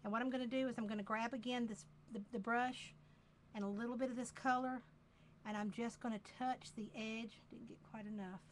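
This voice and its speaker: A woman with a Southern accent demonstrating a craft project live, talking in an unhurried, chatty way and repeating phrases as she works. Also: fairly high pitch, steady tone, a little hiss or hum.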